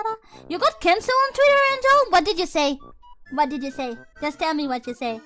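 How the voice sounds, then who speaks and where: Young woman VTuber, very high bright voice, hyper and shrieky, casual stream chat over faint music. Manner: excitable and shrieky, swears, drops Japanese words. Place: her room at home.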